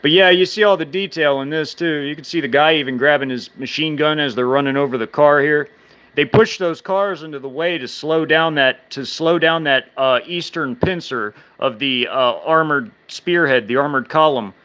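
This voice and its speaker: A man in his thirties chatting casually with viewers on a live stream, halting, with many restarts, fillers, and speech that slurs when he talks fast. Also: on the high side, fairly bright tone, clear, resonant tone.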